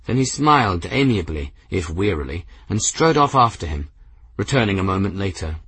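A man giving scripted narration of an audiobook in an even storytelling manner. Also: sits low, normal speed, husky, no room sound.

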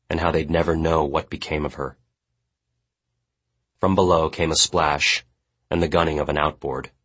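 A man narrating literary fiction with a measured, grave delivery. His voice sits extremely low, with a husky, breathy edge. The reading is steady and scripted. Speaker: audiobook narrator.

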